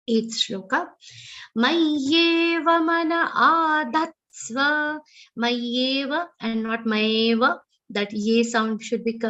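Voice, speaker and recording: A woman with an Indian English accent teaching verse pronunciation in an online class, chanting lines slowly and then explaining them. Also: a little high, a bit bright, highs cut off. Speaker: recitation teacher. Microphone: video call.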